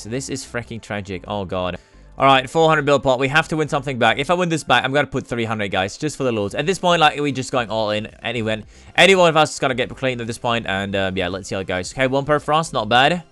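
A man giving excited commentary on his own gambling gameplay, cursing freely and swinging between cheering and groaning. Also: medium pitch, smooth. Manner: hyped, swears a lot, swings from yelling to groaning. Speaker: gaming YouTuber.

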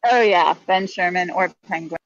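A woman joining a casual group chat as a guest, friendly and brisk. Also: on the low side, no echo. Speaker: guest on a podcast call. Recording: dry, slightly dull call audio.

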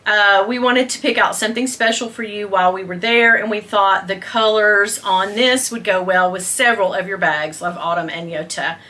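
A woman, chatting excitedly to viewers in a fashion haul video, gasping and squealing with delight. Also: medium pitch, normal speed, hardly any pauses. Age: 50s. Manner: gushing, squeals and gasps with delight, talks to viewers as girl and y'all. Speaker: beauty and fashion vlogger.

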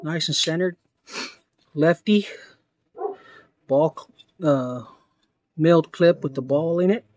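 A man with a slightly high voice slowly narrates an unboxing, pausing over each piece. He breaks into excited, awestruck exclamations. The sound is dry and close, with no room echo. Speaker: knife collector vlogger.

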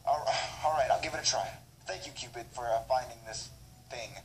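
A man's voice: medium pitch, brisk, a little hiss or hum, close to an everyday voice, rough recording. A man voicing a nervous, picky male plumber before a blind date, whining and stammering in an amateur comedy skit. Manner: whiny, exclaiming, stammering.

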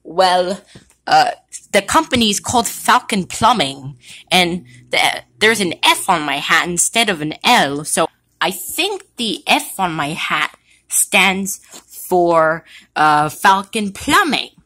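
An earnest, fretful male plumber who patiently explains himself in a bright, clear voice, as a woman puts him on. His pitch rises and falls in big swings, and he talks slowly. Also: animated, exaggerated voice. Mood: explaining.

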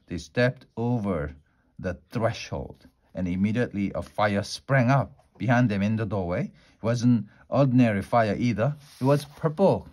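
A man reading a fantasy novel aloud, unhurried, now and then tripping over a word and restarting. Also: fairly low pitch, a little mellow. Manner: unhurried, with small slips and restarts. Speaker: storyteller.

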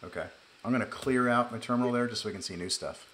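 A man's voice: medium pitch, fast talker, a bit bright, a little hiss or hum. A man with a nasal voice, hosting a live coding stream in a chatty, joking way and narrating each step. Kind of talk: casual live coding chat.

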